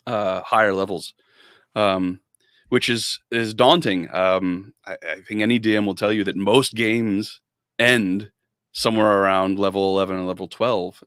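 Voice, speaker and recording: A man's voice: low voice, steady tone, normal speed, a bit bright, clear, resonant tone, no echo, studio quality. A man talking casually as a podcast guest about running his tabletop game, hesitant, with many fillers and restarts.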